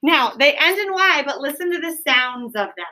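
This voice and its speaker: Bright, somewhat high woman teacher in a classroom, stretching out spelling words for third graders. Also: animated. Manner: clear, drawn-out word sounding. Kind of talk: classroom phonics lesson.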